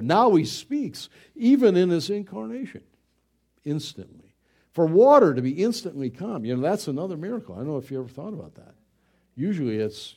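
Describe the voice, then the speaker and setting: A man's voice: a little high, mellow. A man preaching a sermon, telling a childhood story and asking earnest rhetorical questions. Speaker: pastor.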